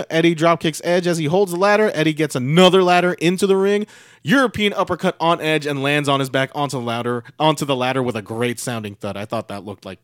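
A man co-hosting a casual podcast, recapping a wrestling match play by play and getting louder on the big moves. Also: on the high side, dry recording, studio quality. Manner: lively play-by-play, rising loudly on big moves.

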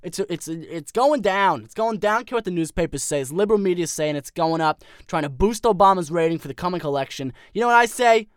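A man's voice: high voice, animated, fast, few pauses, clean tone, dry recording, clean studio sound. A man playing a blustery, easily worked-up political pundit who rants as co-host of a parody podcast. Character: blustery hot-headed male political pundit.

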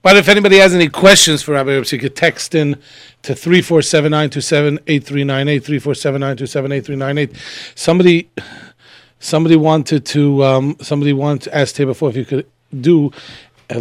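A radio host speaks in an upbeat, casual way into a studio mic. His voice sits a bit high, and the sound is dry. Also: steady tone, fast talker, no room sound. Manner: upbeat, reads listener texts.

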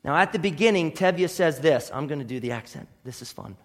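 A man pastor preaching a sermon emphatically, swinging between loud declarations and quiet asides. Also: on the high side, expressive, brisk. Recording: long hall reverb.

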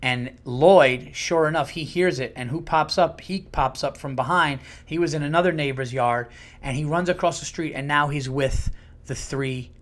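Podcast host, man, 30s to 40s, a bit high-pitched; casual, profane storyteller who hams up the quotes. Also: moderate pace. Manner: animated, acts out quotes with big jumps in pitch and loudness; profane and conversational.

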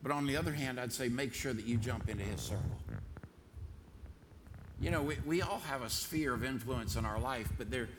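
A man's voice: medium pitch, moderate pace, noisy background. A man preaching a sermon as pastor in a church, telling folksy stories and repeating phrases for emphasis. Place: church sanctuary.

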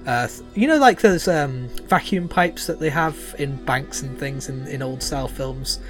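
A man running a tabletop game as game master, narrating in a halting way with many fillers. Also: medium pitch, soft background music. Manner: halting, full of fillers and chuckles.

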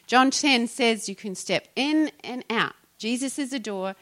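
A woman's voice: fairly high pitch, a little slow, fairly bright tone. A middle-aged woman pastor with a New Zealand accent, talking casually and chattily, often laughing and trailing off mid-sentence. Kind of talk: casual Christian podcast talk.

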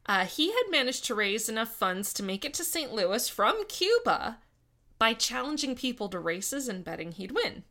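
A woman's voice: fairly high pitch, sing-song, moderate pace, pushed and bright. A woman co-hosting a podcast, telling a history story in a casual, chatty way with frequent laughs and fillers. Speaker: podcast co-host.

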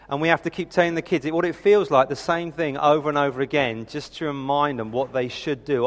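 A man in his thirties preaching a sermon, telling family stories in a chatty, self-deprecating way. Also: a little high. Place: church hall. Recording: reverberant hall.

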